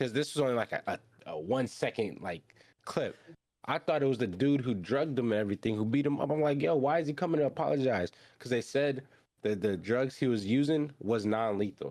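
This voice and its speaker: A young man with a mid-range voice hosts an anime podcast and recaps an episode in animated, slangy storytelling packed with fillers and restarts. There is no room sound.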